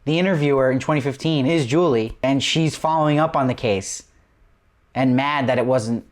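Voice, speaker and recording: A man's voice: medium pitch, normal speed. Male host, mid-range voice, eager casual recap full of questions. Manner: enthusiastic, asks lots of rhetorical questions. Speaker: TV review host. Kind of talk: casual episode review.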